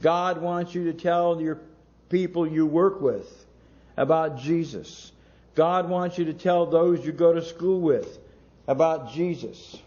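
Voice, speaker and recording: Male pastor, sermon delivery, slow and emphatic, mellow tone, lo-fi sound. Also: a little high. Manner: slow, emphatic preaching with long pauses between words.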